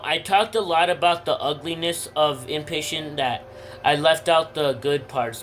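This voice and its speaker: A man's voice: a little high, fairly bright tone, slight background noise. A teenage boy telling a personal story to camera in a casual vlog, rambling with lots of fillers and blunt swearing. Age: teens. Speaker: vlogger.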